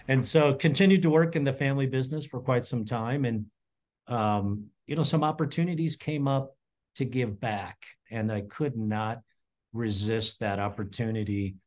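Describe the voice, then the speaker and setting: Middle-aged man, fairly low voice, casual rambling interview guest. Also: moderate pace. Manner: rambling, repeats words, warm storytelling. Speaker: culinary school president, guest.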